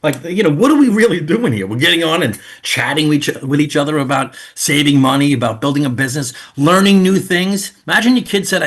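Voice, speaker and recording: A man's voice: fairly high pitch, a little fast, hardly any pauses, slightly rough. A man in his fifties with a New York accent, hosting a webinar in casual, rambling chat. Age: 50s. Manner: animated, rambling, folksy. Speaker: webinar host.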